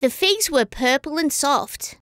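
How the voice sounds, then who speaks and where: A woman reading a children's story aloud as a storyteller, expressive and sing-song. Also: sits high, measured pace, dry recording, studio quality.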